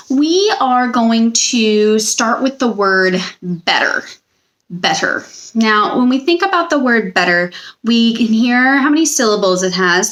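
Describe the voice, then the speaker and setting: Speaking in a mid-range, fairly bright voice, a young woman teaches children spelling in a recorded lesson. Her delivery is slow and patient, with words drawn out at length.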